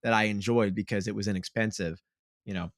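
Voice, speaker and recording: A man's voice: lowish voice, fairly even intonation, brisk, no echo, clean studio sound. A man hosting a podcast in casual chat, rambling through long questions with many restarts. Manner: rambling, full of fillers and restarts. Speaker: podcast host.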